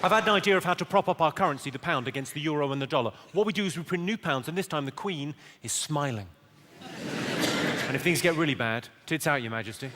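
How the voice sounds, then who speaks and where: A man with a southern English accent doing stand-up in a large theatre, trading dry, deadpan one-liners and teasing the crowd. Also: fairly high pitch, quick pace, very noisy. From England. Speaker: stand-up comedian. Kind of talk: stand-up comedy with crowd work.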